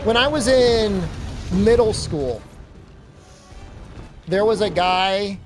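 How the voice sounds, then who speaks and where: Animated high-voiced male game streamer. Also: slow pace, over music. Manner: chatty, animated storytelling with laughs. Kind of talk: casual chat while gaming.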